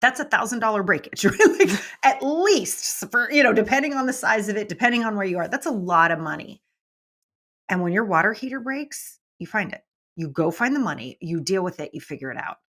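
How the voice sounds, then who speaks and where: A middle-aged woman, a business mentor guest, talking in a casual, animated way and acting out quoted voices. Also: medium pitch, brisk. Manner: animated, acts out quoted voices, laughs often. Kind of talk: casual interview talk.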